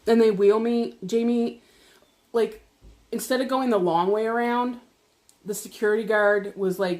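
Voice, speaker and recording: A woman vlogger telling a personal story while eating dinner, chatty and animated, laughing often and swearing casually. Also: fairly high pitch, measured pace. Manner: animated, talks to viewers directly.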